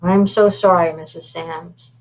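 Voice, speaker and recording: A woman reading aloud, voicing a smooth male shop owner who delivers bad news with false politeness. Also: lowish voice, fairly even intonation, unhurried, low-quality recording. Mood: falsely apologetic.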